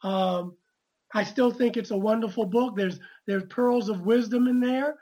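Husky earnest woman author. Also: a little high, measured pace, warm tone, lo-fi sound. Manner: earnest, repetitive restarts. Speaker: author guest. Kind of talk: conversational interview.

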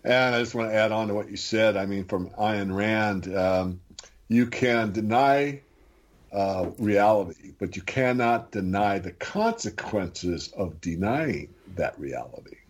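A man speaking as an interview guest, measured and conversational, explaining his views at length. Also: lowish voice, lively intonation. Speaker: interview guest, precious metals commentator. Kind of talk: talk show interview.

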